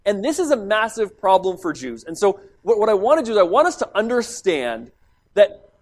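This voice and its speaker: A man's voice: sits high, big pitch swings, normal speed. A man preaching a sermon that teaches on a scripture passage. He speaks emphatically, acts out quoted speech, and often repeats words as he starts a thought.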